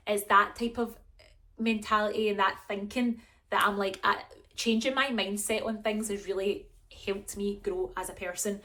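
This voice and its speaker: A woman's voice: mid-range voice, a bit bright. A young woman, chatting to camera in a rambling, self-mocking way as a vlogger. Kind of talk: casual chat to camera.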